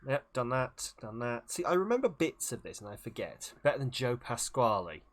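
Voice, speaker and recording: A man's voice: medium pitch, sing-song, normal speed. A man chatting casually while streaming a game, self-deprecating and jumping between topics. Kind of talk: casual gaming stream chat.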